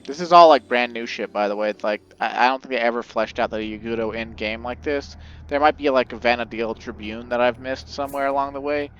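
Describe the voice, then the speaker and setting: A man's voice: mid-range voice, fairly quick, a bit bright, lo-fi sound. Rambling, profane let's play guy. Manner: rambling, profane, filler-heavy. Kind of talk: casual gameplay commentary. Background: game music.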